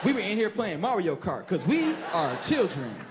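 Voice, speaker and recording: Stand-up comic, man, 30s, high lively voice, live club crowd roaring behind. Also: normal speed. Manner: animated, loud punchlines, bursts into shouted impressions. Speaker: stand-up comedian. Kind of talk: stand-up comedy set. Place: comedy club stage with live audience. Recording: live club recording with crowd laughter and noise.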